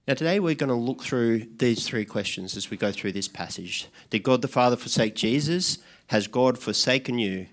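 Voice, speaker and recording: A man preaching a sermon in a relaxed, conversational way. His voice sits at an ordinary, middle pitch for a man, and he sinks into a soft, hushed tone when he asks reflective questions. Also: moderate pace. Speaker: pastor.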